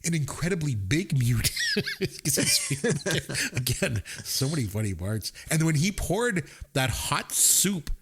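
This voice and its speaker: A man's voice: a little high, very animated, measured pace, fairly bright tone, slight background noise. A man co-hosting a podcast, rambling casually through a movie review and laughing as he retells scenes. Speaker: podcast co-host.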